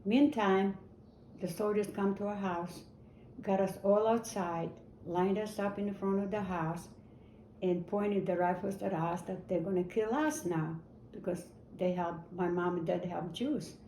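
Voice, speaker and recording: A woman in her eighties telling a personal memory in a halting way, repeating words and restarting sentences as she goes. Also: mid-range voice, steady tone, warm tone. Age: 80s. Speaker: interviewee. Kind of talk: personal war memory storytelling. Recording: roomy echo, faint ambient noise.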